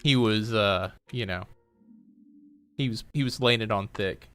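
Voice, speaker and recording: A man's voice: on the low side, a little slow, a bit bright, soft background music. A man chatting casually while gaming on a stream, talkative and laughing often.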